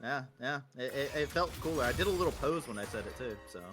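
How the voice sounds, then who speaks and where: A man casting a live esports match with play-by-play commentary that rises loudly on big plays. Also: medium pitch, expressive, fast, soft background music. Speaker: esports caster.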